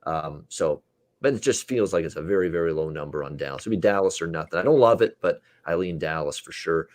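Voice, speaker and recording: A man with a fairly low, dry voice talks through betting picks in a loose, casual way. He runs the panel and hands off to the others, with plenty of fillers. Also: lively intonation, a little fast, a little mellow, no room sound. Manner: loose, conversational, many fillers. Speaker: sports betting show host. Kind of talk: casual sports betting talk.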